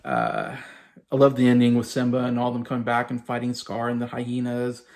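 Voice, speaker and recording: A man's voice: medium pitch, brisk, vocal fry, darkish tone. A man hosting his own video, chatting casually and rambling with lots of fillers as he gushes enthusiastically. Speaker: YouTube host ranking movies. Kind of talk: casual chat.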